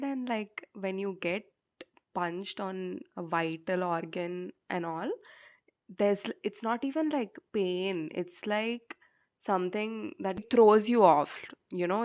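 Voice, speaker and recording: A young woman tells a story in a relaxed, rambling way, leaning on "like" and small restarts. Her voice sits fairly low, and the recording sounds dull and lo-fi. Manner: chatty, many fillers like "like". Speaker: vlogger. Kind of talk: casual storytime chat.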